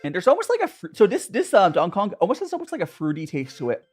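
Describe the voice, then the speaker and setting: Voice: medium pitch, huge pitch swings, fast, a little mellow, slightly rough, soft background music. A young adult streamer chatting casually over tea, rambling and greeting viewers by name. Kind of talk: casual chat while drinking tea.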